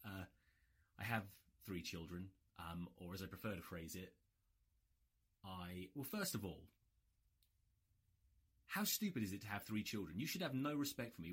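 A man's voice: lowish voice, sing-song, normal speed, pauses often, husky. A tired man hosting his own rugby podcast, ranting with heavy swearing and sarcasm. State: exhausted. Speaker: podcast host. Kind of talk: solo rugby podcast rant.

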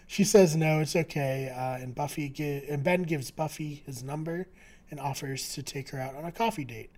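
A man with a fairly high, slightly mellow voice co-hosts a podcast at a moderate pace. He casually recaps a TV episode in a chatty way, using lots of fillers and laughing often.

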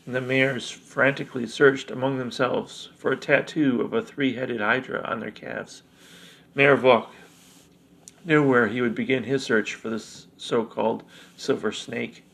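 Gravelly male fantasy narrator. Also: mid-range voice, steady tone, unhurried, fairly bright tone, poor audio.

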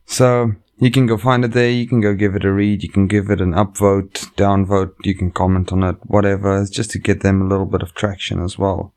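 A man with a low, gravelly voice hosts a casual story-reading show into a microphone. He wanders off track, swears often and breaks off mid-sentence to restart. The delivery is loose, unpolished comic chat. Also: little pitch movement, a little fast, hardly any pauses, darkish tone. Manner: rambling, profane, self-interrupting. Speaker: comedian and podcast host. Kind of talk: casual chat and reading online stories aloud.

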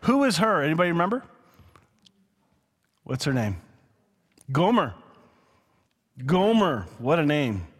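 A man preaching a sermon in a relaxed, conversational way, with quick asides and chuckles. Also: fairly high pitch. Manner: conversational, chuckling, slows down to read scripture. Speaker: pastor. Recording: long hall reverb.

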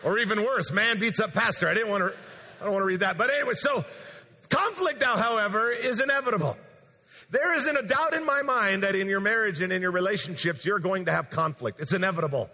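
A man preaching a sermon as pastor, telling an animated story with acted-out quotes before a congregation in a large church. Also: sits high, fast. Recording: long church hall reverb.

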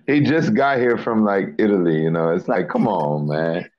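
A man co-hosting a podcast, laid-back and quick to agree. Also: low voice, darkish tone, lo-fi sound. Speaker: podcast co-host. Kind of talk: casual chat.

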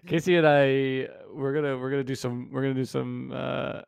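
Gravelly, playful man on a podcast. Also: medium pitch, little pitch movement, moderate pace, dry recording. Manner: playful, goofy, pushes bits. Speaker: podcast co-host. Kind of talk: casual sports podcast chat.

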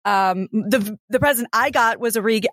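A woman's voice: a little high, moderate pace, no room sound, studio quality. A woman co-hosting a podcast, chatting casually and telling stories with plenty of acted-out back-and-forth. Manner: animated storytelling, acting out both sides of exchanges. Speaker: podcast co-host. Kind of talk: casual chat.

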